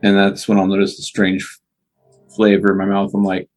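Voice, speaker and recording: Thoughtful low-voiced man playing a role-playing game. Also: completely flat delivery, soft background music. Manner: contemplative, measured, thinking aloud. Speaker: tabletop game player. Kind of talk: describing his character's actions.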